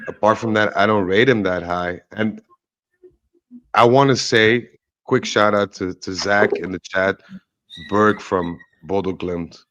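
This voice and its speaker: A man's voice: fairly low pitch, fairly even intonation, a little slow, a bit bright, dry recording, lo-fi sound. A man co-hosting a casual football podcast, talking in a blunt, opinionated way. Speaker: podcast co-host.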